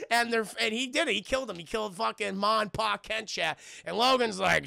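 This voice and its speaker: Excitable, gravelly streamer man. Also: high voice, moderate pace, hardly any pauses, no echo, clean studio sound. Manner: profane, excitable, laughing, addresses chat. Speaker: streamer and film reviewer. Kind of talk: live-streamed spoiler film review.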